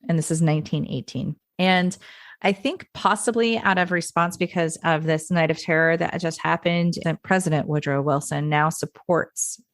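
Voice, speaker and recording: Chatty woman podcaster with a lowish voice. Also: fairly even intonation, moderate pace, no echo, studio quality. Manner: chatty, laughs often, many fillers and restarts. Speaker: podcast co-host. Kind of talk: casual history podcast chat.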